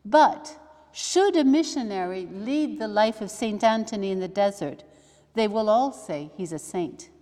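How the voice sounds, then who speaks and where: Slow-speaking nun in a reverberant hall. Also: female voice, medium pitch, expressive. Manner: slow, thoughtful, with soft asides like "huh?". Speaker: religious sister leading a study day. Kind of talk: reflective teaching talk with readings.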